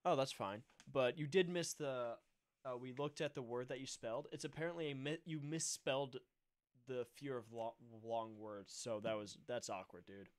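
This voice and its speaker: A man's voice: mid-range voice, moderate pace, clear, resonant tone. A young man streaming, talking in a chatty, laid-back way. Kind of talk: casual stream chat.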